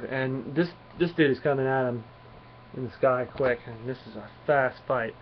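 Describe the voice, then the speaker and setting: A man's voice: mid-range voice, normal speed. A man casual comic reviewer, rambling recap with lots of uhs, dull lo-fi sound with faint hiss. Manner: rambling plot retelling with many fillers.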